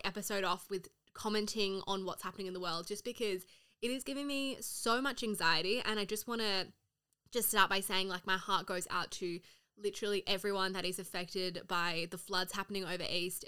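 Bright-voiced chatty woman podcast host. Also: medium pitch, clear, resonant tone. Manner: chatty, frequent swearing and fillers. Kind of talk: casual solo podcast chat.

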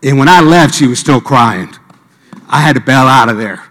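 A Miami preacher with a lively, slightly bright mid-range voice tells sermon stories at a moderate pace, acting out the voices of the people in them. He delivers it all animatedly in a reverberant hall.

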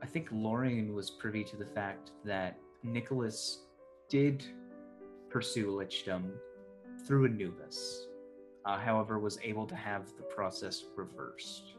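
A man's voice: lowish voice, music in the background. Man running a tabletop game. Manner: relaxed, halting narration with fillers. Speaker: game master.

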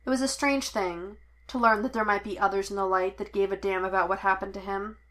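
A woman reading a piece of fan fiction aloud as narrator, even and measured. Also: medium pitch. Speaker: podfic reader. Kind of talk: storybook narration.

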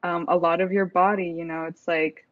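A woman's voice: on the low side, flat delivery, normal speed, no echo. Giggly woman guest, dull lo-fi sound. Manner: giggly, rambling with many fillers. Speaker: podcast guest. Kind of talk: casual chat. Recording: slightly dull lo-fi audio.

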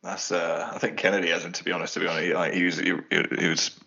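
A man's voice: deep voice, flat delivery, fast, vocal fry, sharp tone, dull audio. A man in rambling, laughing football banter with lots of fillers. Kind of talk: casual football chat.

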